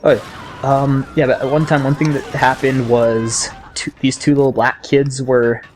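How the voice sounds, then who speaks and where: A young man talks over his gameplay in a rambling, chatty way. His voice sits at a middle pitch. A faint hum of ambience is always there behind him. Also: level tone, normal speed. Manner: rambling, chatty storytelling between game reactions. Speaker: gaming channel host. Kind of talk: casual gameplay commentary.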